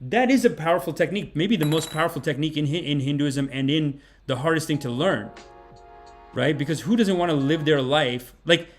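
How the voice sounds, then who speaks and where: A fairly high-pitched man hosts a comedy podcast, retelling an old tale as a sarcastic rant. He swears freely and gets riled up, and faint music plays behind him. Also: fairly quick.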